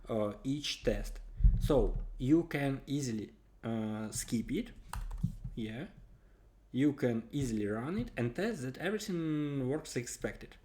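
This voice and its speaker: Slow, halting man explaining code. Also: mid-range voice, mellow. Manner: halting, frequent hesitations while typing code. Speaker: coding tutorial host. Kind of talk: screen-recorded coding tutorial. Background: keyboard typing and clicks.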